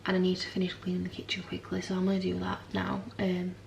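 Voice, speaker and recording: A woman's voice: fairly low pitch, monotone, fast talker, gravelly, roomy sound, far from the mic, a little hiss or hum. A young mother vlogging in a frank, rambling chat to camera, tired and swearing now and then. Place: home.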